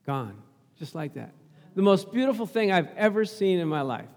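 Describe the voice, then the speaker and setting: A man's voice: high voice, big pitch swings, normal speed, darkish tone, big-room sound. A middle-aged male pastor preaching a sermon, telling a family story and calling out for amens. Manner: storytelling, acts out quoted voices, calls for amens.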